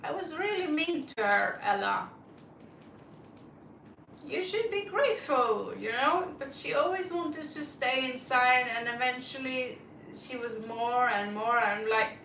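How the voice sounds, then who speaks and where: A woman chatting on a live tarot stream in a bright, slightly high voice, drifting from story to story and greeting viewers by name. She takes her time, and the sound is roomy, as if she sits a little away from the mic with faint noise behind her. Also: animated, measured pace, vocal fry, recorded from a distance. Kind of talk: casual live-stream chat. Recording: roomy, set back from the mic.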